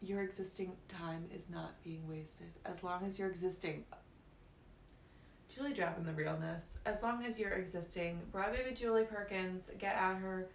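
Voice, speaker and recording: A woman's voice: fairly low pitch, moderate pace, creaky, slight background noise. Brash, profane woman life coach. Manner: brash, profane, playful, calls listeners cuties. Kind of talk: live-streamed motivational talk. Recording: roomy, a little off-mic, faint ambience.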